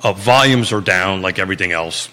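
A man in his sixties with a Long Island accent hosts a live talk show. He rambles loosely, with plenty of fillers and restarts. His voice is low-pitched but bright and forceful, and it carries a long reverb. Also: fairly quick. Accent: Long Island New York. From Long Island, New York. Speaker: real estate talk show host.

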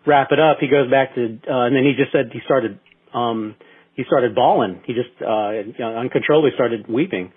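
A man's voice: mid-range voice, normal speed, husky. Rambling man on a tinny line. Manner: rambling storyteller with many restarts and fillers. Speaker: podcast co-host. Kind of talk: casual chat. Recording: tinny phone-like internet radio sound.

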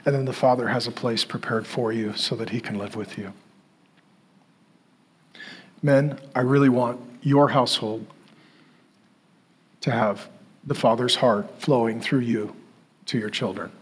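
A male pastor preaching a sermon in an emphatic way, repeating phrases and pausing for effect. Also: mid-range voice, slightly rough. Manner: emphatic, repetitive, with dramatic pauses.

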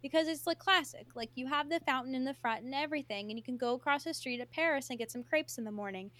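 A woman co-hosting a podcast, talking in a casual, animated way with lots of filler words. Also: high-pitched, quick pace. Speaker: podcast co-host. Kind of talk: casual chat.

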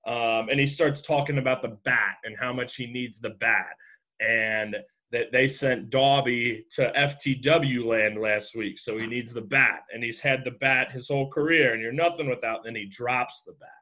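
Guy rambling thru a show recap, lots of likes and ums, normal pitch. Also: steady tone, moderate pace, pushed and bright. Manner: rambling, many fillers and restarts. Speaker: podcast co-host. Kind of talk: casual recap chat.

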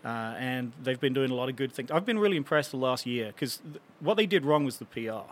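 A man's voice: mid-range voice, animated, brisk. A man chatting casually on a panel, rambling and wry as he talks. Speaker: convention panelist and vendor.

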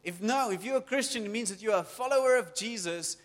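A man preaching a sermon as pastor, energetic and story-driven, with frequent restarts. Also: sits high, fast talker, big-room sound.

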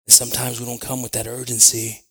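A man preaching a sermon to his congregation, moving between quiet prayer, personal stories told with acted asides, and loud, shouted preaching. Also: mid-range voice, flat delivery, fast talker, vocal fry, slightly rough. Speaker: pastor.

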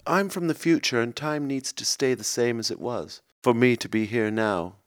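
A man who is a comedian hosting a podcast, rambling through absurd improvised chat in a deadpan way with lots of restarts. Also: mid-range voice, normal speed, dry recording, clean studio sound.

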